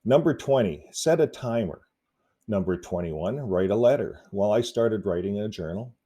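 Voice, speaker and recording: Man, casual vlog monologue, dark mellow tone, rambling and chuckling. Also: on the low side, normal speed, slightly rough. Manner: relaxed, rambling, chuckles often, frequent fillers. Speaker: YouTube activist vlogger.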